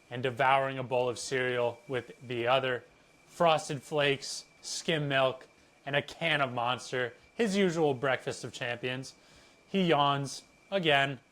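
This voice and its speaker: A man's voice: medium pitch, a bit bright. A man, a fitness content creator, reading a story aloud with playful, chatty asides. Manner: playful, chatty, laughing at his own reading.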